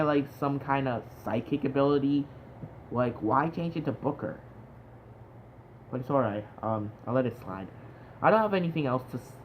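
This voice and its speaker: A young man talks through a review in a loose, animated way, stacking fillers and exclaiming. His voice sits at an ordinary pitch for a man. The recording sounds dull and lo-fi, with a faint hiss underneath. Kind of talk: casual spoken review.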